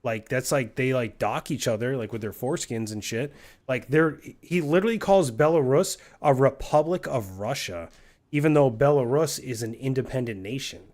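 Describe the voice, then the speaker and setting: A man's voice: mid-range voice, moderate pace, a little mellow. A man streams a game while ranting, his mid-range voice getting heated and argumentative. He swears freely and presses his point hard, talking over his friends. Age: adult, married with a son. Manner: profane, fired-up, argumentative.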